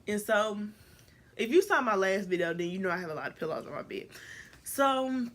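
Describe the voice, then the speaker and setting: A teenage girl vlogger telling a casual storytime, rambling with many restarts and jumping into voices for quotes. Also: fairly quick. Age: teens. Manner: animated, jumps into high voices to act out quotes.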